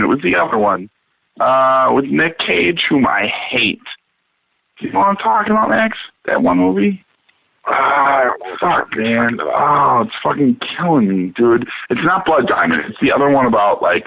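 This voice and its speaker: A man hosting a talk show in loose, profane casual chat, rambling and animated. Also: medium pitch, vocal fry, no room sound. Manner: rambling, swears a lot, animated. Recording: dry, phone-like radio sound.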